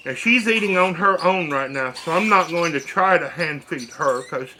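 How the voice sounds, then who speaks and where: A man with a drawl talks about his birds in a casual, blunt way. His voice sits high and sounds bright and sharp. Faint chirping from the birds comes through in the background. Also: expressive, moderate pace, a little hiss or hum. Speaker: bird breeder. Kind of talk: casual vlog narration while hand-feeding birds. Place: indoors with birds.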